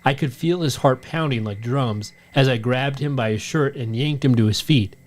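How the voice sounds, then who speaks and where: Male podcast co-host, mid-pitched, steady storytelling read of a listener tale. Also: moderate pace. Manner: steady storytelling read, shouts out the quoted lines. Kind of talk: reading a listener story aloud.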